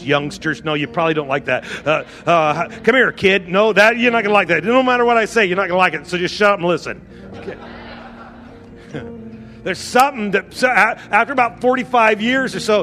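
Fervent high-voiced preacher in his fifties. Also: pushed and bright. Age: 50s. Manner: fervent, repetitive exhortation with asides to the congregation. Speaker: pastor. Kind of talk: sermon. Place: church sanctuary.

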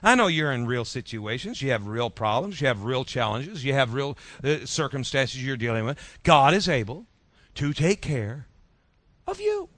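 A man preaching a sermon as pastor, in a rhythmic style that drops soft at phrase ends and leads the congregation in repeating lines. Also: medium pitch, expressive, moderate pace, dry recording. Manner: leads congregation in call-and-response.

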